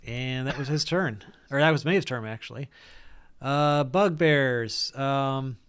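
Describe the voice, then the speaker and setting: A man narrating as game master of an online tabletop game, relaxed and hesitant, with many fillers and restarts. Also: mid-range voice, clear, resonant tone.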